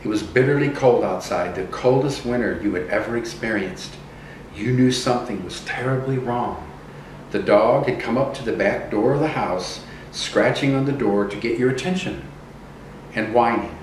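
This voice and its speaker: A man voicing a kind female fairy godmother with silver wings, who asks questions in a gently insistent way. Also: mid-range voice, normal speed, a little hiss or hum, close to an everyday voice. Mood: probing. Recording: echoey room from a distance.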